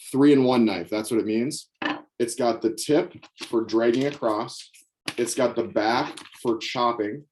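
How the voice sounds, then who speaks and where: A young man leading a sales training session, energetic and coaching, repeating key phrases for his audience to write down. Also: medium pitch. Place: indoors with knives on a table.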